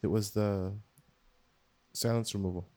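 A man's voice: lowish voice, fairly even intonation, a little slow, a little mellow. A man on a podcast, teasing his friends and explaining the audio setup. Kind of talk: casual chat.

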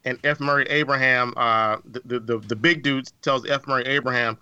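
A man's voice: medium pitch, fairly even intonation, brisk, bright, forceful tone, smooth, dry recording, lo-fi sound. A man co-hosting a podcast in casual chat, talking emphatically and repeating words for effect. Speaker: podcast co-host.

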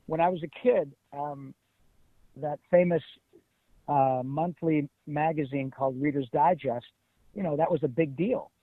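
A middle-aged man from Detroit, telling stories as an interview guest in an animated, emphatic way. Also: fairly high pitch, a little slow, no echo. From Detroit, USA. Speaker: guest voice actor. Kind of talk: casual interview. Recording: tinny phone-like line.

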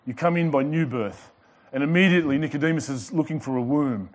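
A male pastor preaching a sermon to a church congregation. He swings between loud emphasis and quiet passages, with light joking asides. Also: fairly high pitch, fairly quick. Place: church service before a congregation.

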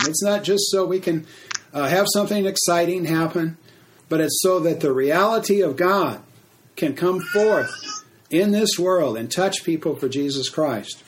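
Unhurried man preaching a sermon. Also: a little high, slight background noise. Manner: unhurried, with frequent fillers and restarts. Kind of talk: sermon teaching.

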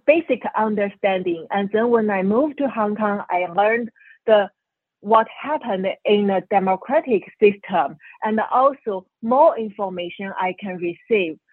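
A woman's voice: medium pitch, a little slow, breathy edge, dry recording. A woman from China, a doctor whose first language is Chinese, speaking earnestly and with feeling as a guest on a radio interview. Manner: earnest, emotional, non-native phrasing. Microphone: telephone. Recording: tinny phone line.

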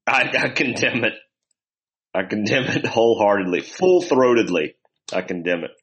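A man co-hosting a podcast, making dry, deadpan jokes in casual chat. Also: fairly low pitch, moderate pace, breathy edge. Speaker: podcast co-host.

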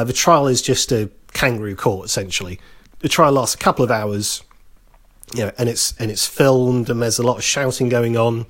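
Casual man telling a story. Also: mid-range voice. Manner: conversational, repeats phrases, acts out quoted lines. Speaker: podcast co-host telling a history story.

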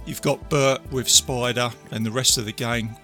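A man's voice: medium pitch, steady tone, normal speed, fairly bright tone, soft background music. A man co-hosting a podcast, talking casually and ending many sentences with tag questions. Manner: tag questions, chatty and laughing. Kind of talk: casual chat.

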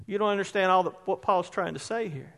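A man's voice: sits high, quick pace, a bit bright. A man preaching a sermon as pastor, conversational and often asking his congregation questions, in a church sanctuary. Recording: long hall reverb.

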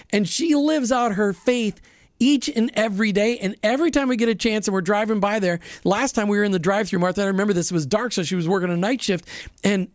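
A man's voice: high voice, no room sound, studio quality. A man hosting a faith-based radio talk show, chatting casually and enthusiastically with frequent restarts. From Florida. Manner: enthusiastic, folksy, restarts often.

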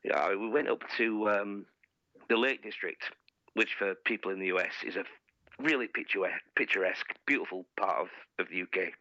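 A man's voice: lowish voice, moderate pace, pushed and bright, dry recording. A man telling a bawdy, sweary story in casual chat, laughing as he goes, on dull lo-fi podcast audio.

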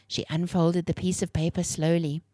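A woman storyteller reads a children's adventure aloud in a clear, expressive voice. Her voice sits a bit low, and the recording is dry and close. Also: normal speed, no room sound.

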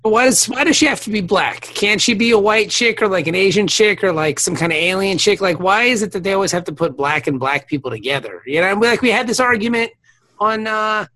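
A man's voice: high voice, expressive, a little fast, sharp tone. A tired man co-hosting a podcast in casual chat, rambling and crude, laughing often. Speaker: podcast co-host.

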